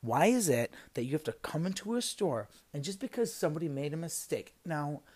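A man's voice: a little high, lively intonation, brisk, a little mellow. A young man on a casual podcast, retelling a work story in a heated, swearing rant with emphatic outbursts. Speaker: podcast guest recounting a job story.

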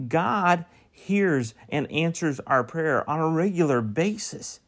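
A man's voice: on the high side, animated. A man preaching a sermon. He reads a psalm aloud, then explains it, asking the listeners direct questions and stressing key words. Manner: reads scripture slowly, then preaches with rising emphasis and questions. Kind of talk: sermon with scripture reading.

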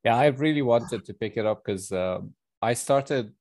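A man's voice: medium pitch, normal speed, no echo. A young man from India with an accent that mixes Indian and British, chatting casually as a personal trainer, rambling and chuckling. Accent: Indian mixed with British. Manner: rambling, animated, chuckles often. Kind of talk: casual chat.

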